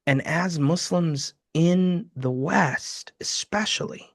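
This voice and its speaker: A man's voice: a little high, slow pace, dry recording, clean studio sound. A man co-hosting a live webinar over a video call, telling stories earnestly and building to emphatic lists. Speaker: webinar co-host.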